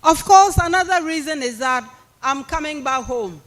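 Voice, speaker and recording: A man's voice: extremely high pitch, lively intonation, moderate pace, fairly bright tone, a little hiss or hum. A man with a Ghanaian accent giving a public speech and reading a prepared address at a university policy lecture, with emphatic, repeated phrasing. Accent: Ghanaian English. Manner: emphatic, repetitive oratorical phrasing.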